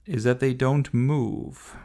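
A man's voice: medium pitch, steady tone, slow pace, dark tone, voice pushed up. A man doing a patient, dry-humored neighbor. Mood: mild.

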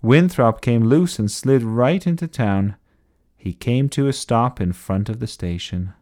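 A man reading a children's bedtime story aloud in an expressive storybook style. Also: mid-range voice, unhurried.

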